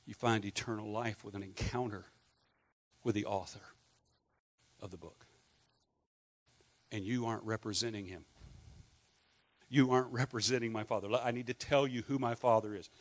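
A man preaching who quotes Jesus as a calm grown man rebuking religious leaders, in a low, earnest, measured way. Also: close to an everyday voice.

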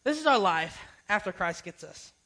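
Bright-voiced young man giving casual sermon. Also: sits high, very animated, normal speed, low-quality recording. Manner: informal, keeps asking "right?". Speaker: youth speaker. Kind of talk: casual youth sermon with object lesson.

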